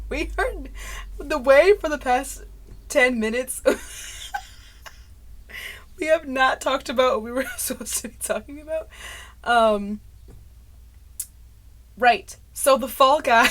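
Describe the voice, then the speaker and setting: A woman's voice: sits high, big pitch swings, slow, pauses often. A woman vlogging in casual chat, rambling in a stream of consciousness and laughing at herself. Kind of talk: casual talking-head chat. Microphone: mic close to clipping.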